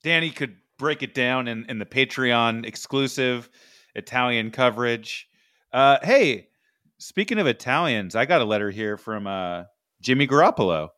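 A man's voice: mid-range voice, animated, moderate pace, pushed and bright, no echo, clean studio sound. Laid-back man hosting a comedy podcast. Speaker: podcast host. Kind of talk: comedic casual chat.

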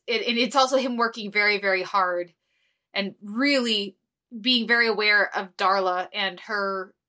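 A woman's voice: mid-range voice, pushed and bright. A woman co-hosting a podcast in casual chat, rambling and earnest with lots of fillers and restarts. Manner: earnest, easily moved. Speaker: podcast co-host.

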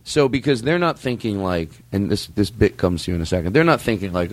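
A man hosting a comedy chat, rambling and animated as he works out a bit, with bursts of laughter. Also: on the low side, brisk, dry recording. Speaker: comedian host.

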